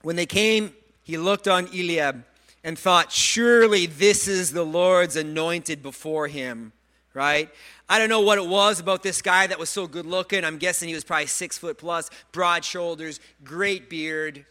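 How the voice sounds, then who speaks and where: A male pastor delivering a sermon in a high, bright, ringing voice. He speaks earnestly and with animation, often stumbling over repeated words. He drops in self-mocking jokes along the way. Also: moderate pace. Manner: self-deprecating humor.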